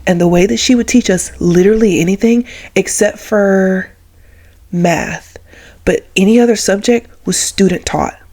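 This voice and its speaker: A woman's voice: mid-range voice, normal speed, a little mellow. A woman in her twenties telling a childhood story to her vlog audience in a casual, chatty way, acting out quoted voices. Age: 20s. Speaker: vlogger.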